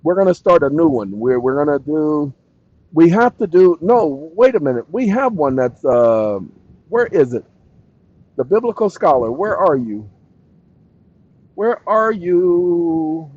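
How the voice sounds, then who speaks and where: A man's voice: on the high side, sing-song, warm tone, breathy edge, no room sound. A man talks loosely to his screen, joking and trailing off. The recording is dry, close and a little dull, with no room sound behind him. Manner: slow, deliberate reading with dictated punctuation. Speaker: channel host. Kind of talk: casual solo talk, reading aloud from a screen.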